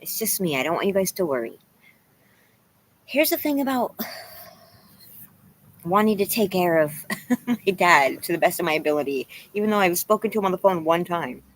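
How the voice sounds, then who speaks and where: A woman's voice: lowish voice, expressive, moderate pace, long pauses, a little hiss or hum, poor audio. A woman around forty-two, tearful and candid, rambling in a casual vlog with some swearing. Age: 40s. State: crying. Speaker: vlogger. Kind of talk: emotional casual vlog talk, reading chat.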